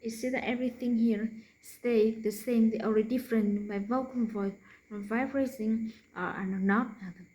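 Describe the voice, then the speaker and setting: A woman's voice: on the high side, steady tone, moderate pace, warm tone, poor audio. A woman with a Vietnamese accent teaching English pronunciation, repeating each consonant sound several times and dropping to a whisper for the unvoiced ones. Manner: demonstrates sounds by repeating them, drops to whispers. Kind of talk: slow explanatory lesson.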